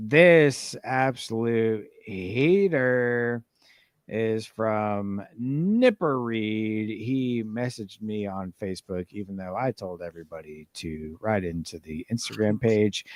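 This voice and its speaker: A man's voice: on the low side, no echo. A man hosting a casual podcast, reading out listener messages in a laid-back, rambling way. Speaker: podcast host.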